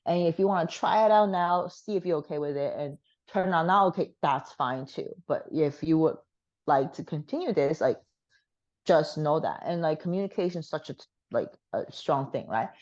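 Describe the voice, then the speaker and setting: A slightly hoarse woman chatting frankly as an interview guest, with plenty of fillers. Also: deep voice, moderate pace, darkish tone, highs cut off. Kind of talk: casual chat.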